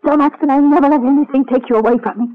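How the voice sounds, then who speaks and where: An actress playing a sly, coaxing young wife who is secretly possessed, in an old radio drama. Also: female voice, high voice, fairly even intonation, rapid-fire, close to an everyday voice. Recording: tinny old radio broadcast with loud noise.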